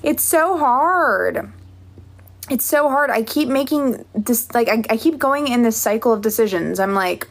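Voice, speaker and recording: A woman's voice: on the high side, normal speed. A young woman chatting casually on a livestream from home, rambling with lots of filler words.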